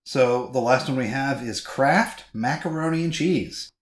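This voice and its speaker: A man co-hosting a podcast, chatting casually and playfully, with quick laughs and mock-dramatic readings. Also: medium pitch. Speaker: podcast co-host. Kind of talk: casual chat. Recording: roomy echoey sound.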